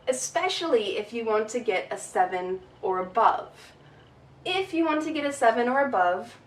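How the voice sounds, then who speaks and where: A woman teaching an English speaking lesson, with a clear, emphatic delivery. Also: fairly high pitch, reverberant, recorded from a distance, rough recording.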